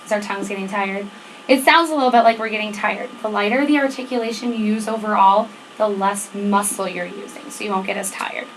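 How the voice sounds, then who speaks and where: A woman's voice: mid-range voice, fairly quick, slight background noise, rough recording. A woman band teacher leading a rehearsal, giving directions, counting off the tempo and checking in often. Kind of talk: rehearsal instruction. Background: student band playing.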